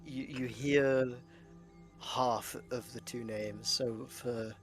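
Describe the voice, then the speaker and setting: A man's voice: mid-range voice, fairly even intonation, takes it slowly, faint music behind. Hesitant man describing his game character. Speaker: player. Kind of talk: casual tabletop play.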